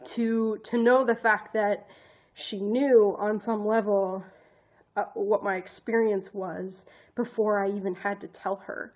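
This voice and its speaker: Slow and level in tone, a woman with a medium-pitched, slightly mellow voice rambles earnestly through a personal story, peppering it with "like" and starting over often. The vlogger, who is also an advocate and educator, sounds emotional and self-conscious.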